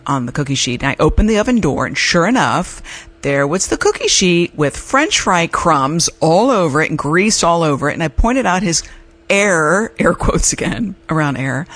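A woman's voice: sits low, a bit bright. A middle-aged woman hosting an advice podcast, telling a personal story in a chatty, candid way. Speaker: podcast host. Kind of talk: casual advice monologue.

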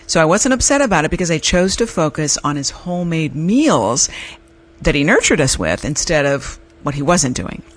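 Lively middle-aged woman podcast host. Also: low-pitched, normal speed. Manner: chatty, candid personal storytelling. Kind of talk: casual advice monologue.

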